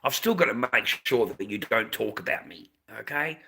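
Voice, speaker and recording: A man's voice: on the low side, expressive, normal speed, sharp tone, slightly rough. A man on a live stream ranting with agitation, repeating himself, stumbling over his words and swearing. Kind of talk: emotional livestream rant.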